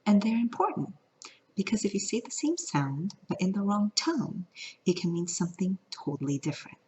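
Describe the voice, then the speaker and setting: A woman's voice: mid-range voice, animated, normal speed, a little mellow, slight background noise. A woman from California teaching a vlog lesson, playful and singing out the example tones. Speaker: Mandarin teacher. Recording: lo-fi audio.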